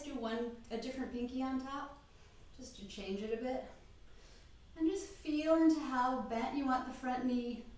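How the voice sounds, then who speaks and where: A middle-aged woman guiding a yoga class with calm, encouraging cues, a little out of breath at times. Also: fairly high pitch. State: slightly out of breath. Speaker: yoga instructor. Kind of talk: guided yoga class instruction. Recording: very echoey room.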